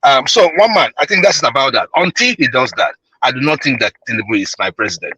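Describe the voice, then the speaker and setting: A male caller giving opinionated commentary on a call-in show, animated and emphatic, with many fillers and repeated words. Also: medium pitch, quick pace, breathy edge, no echo, rough recording.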